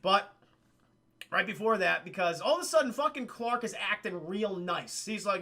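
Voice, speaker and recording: A man streaming live, recapping a film scene by scene for his chat in a loose, profane way and acting out the characters' lines. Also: high voice. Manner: animated, acts out characters' lines in quick changes of voice; swears a lot and keeps addressing the chat.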